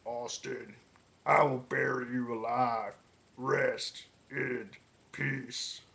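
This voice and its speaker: A grim, funereal wrestler, as a man puts him on, speaking low and slow with a menacing calm. The tone still has a bright, sharp edge. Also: creaky, full character voice. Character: gravelly grim male wrestler undertaker, menacing.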